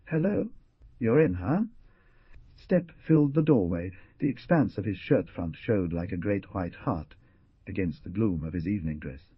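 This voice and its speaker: Husky, expressive male audiobook narrator. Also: low voice, normal speed, dry recording. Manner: expressive, theatrical. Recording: dull lo-fi recording, dry.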